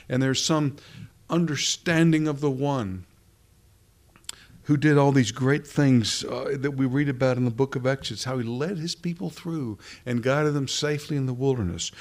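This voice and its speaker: A man's voice: medium pitch, darkish tone. A middle-aged man preaching a sermon, talking through scripture in a conversational way and putting questions to his congregation.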